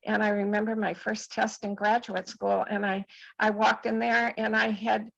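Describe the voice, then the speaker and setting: A woman in her seventies giving an earnest, halting personal testimony on a group video call. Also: medium pitch, level tone, creaky, a bit bright, no echo, highs cut off. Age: 70s.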